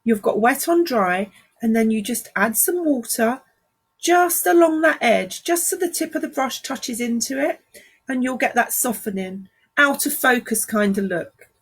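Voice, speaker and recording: A woman with a London accent leads a live painting demo from her art studio, her voice slightly husky and a touch high. She talks through each brushstroke in a chatty, encouraging way and breaks off to welcome viewers by name. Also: animated, measured pace. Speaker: watercolour art teacher. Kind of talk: live-streamed painting demonstration.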